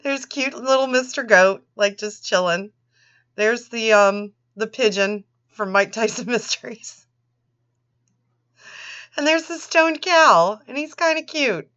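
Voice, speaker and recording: A woman's voice: fairly high pitch, takes it slowly, a bit bright. A woman reading a children's storybook aloud with sarcastic, swearing commentary, laughing often. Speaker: channel host reading a storybook. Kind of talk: mocking read-aloud of a children's book with commentary. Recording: dull lo-fi recording.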